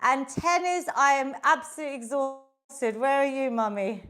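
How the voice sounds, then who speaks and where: A woman's voice: sits high, animated, normal speed, fairly bright tone. A woman leading a live online workout class, upbeat and encouraging, counting down reps and slightly out of breath. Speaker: fitness instructor.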